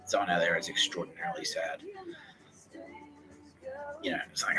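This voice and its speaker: A man in casual podcast chat, rambling and earnest, with many fillers, often dropping to a hushed mutter. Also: low-pitched, little pitch movement, normal speed, a crowd in the background, poor audio. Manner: rambling, meandering, heavy on fillers.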